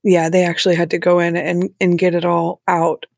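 A woman recounting a hard personal story in an interview. Her voice has a gravelly, fried edge, and her telling is candid and raw, with a few nervous laughs. The sound is dry and close, with no room around it. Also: fairly low pitch, completely flat delivery, a little fast, a little mellow, dry recording. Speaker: interview guest.

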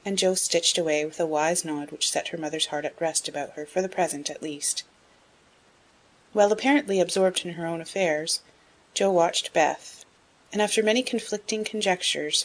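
A woman reads a classic novel aloud as an audiobook narrator. Her voice sits on the low side, and her storytelling runs steady and even. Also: moderate pace. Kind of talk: scripted narration.

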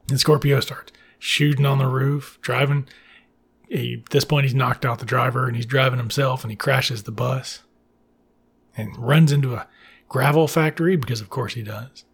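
A man's voice: medium pitch, gravelly, slightly rough. A man casually recapping a film plot, profane and wry, with rambling asides.

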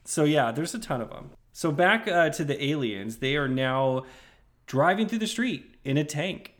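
A man co-hosting a casual podcast about a comic, excitable and quick to laugh. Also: a little high. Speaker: podcast co-host. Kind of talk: casual comic book recap chat.

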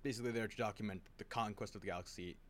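A man casually retelling a long story to a friend, rambling with restarts and quick acted quotes. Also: fairly low pitch, fairly even intonation, a little hiss or hum. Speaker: lore explainer.

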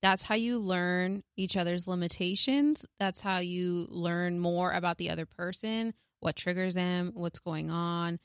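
A woman's voice: on the low side, fairly even intonation, a little slow, few pauses, clear, resonant tone, dry recording, clean studio sound. A woman in casual podcast chat, speaking in a reflective, affirming way.

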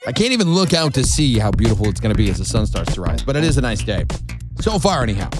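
A man's voice: mid-range voice, sing-song, fast talker, music in the background. A man hosting a conservative morning talk radio show from a windowless studio, delivering an opinionated, sarcastic monologue. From Florida. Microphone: studio microphone.

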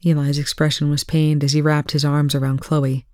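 Someone reads a fiction chapter aloud to proofread it, narrating in a steady, plain manner at a moderate pace. The middle-pitched voice is close to a home microphone in a dry, dead room with no echo.

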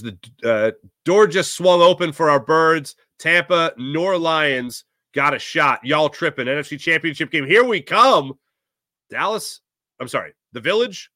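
A man hosting a sports talk stream, casually reading out viewer comments with sarcastic, animated asides. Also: on the high side, no echo, studio quality. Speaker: sports talk show host.

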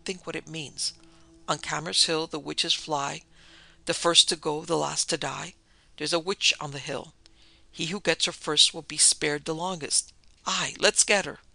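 Urgent, scheming village man, gravelly and bright, as the narrator puts him on. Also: a little high, steady tone, unhurried, no echo, exaggerated voice, rough recording.

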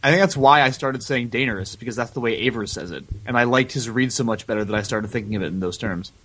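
Relaxed guy cohost, average-pitched voice, chatting about a book. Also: quick pace, low-quality recording. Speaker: podcast co-host. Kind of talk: casual book discussion.

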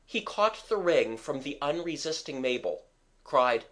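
An audiobook reader giving scripted narration with expressive, lively storytelling. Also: medium pitch, measured pace.

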